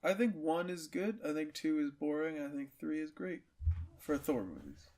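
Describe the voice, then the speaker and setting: Male podcast co-host, somewhat high voice, upbeat and agreeable. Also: expressive, normal speed, darkish tone. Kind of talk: casual chat.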